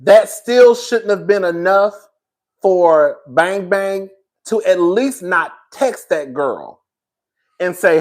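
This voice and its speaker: Man, high-pitched voice, sassy, blunt, casual reality TV commentary. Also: slow pace. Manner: sassy, animated, addresses viewers as girl and baby; blunt, swears freely. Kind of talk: casual opinionated review.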